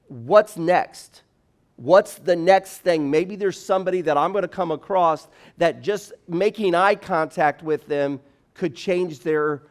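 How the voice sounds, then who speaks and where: A man in his forties giving a chapel talk to students in an animated, conversational way, acting out little scenes as he goes. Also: on the high side. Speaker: campus speaker.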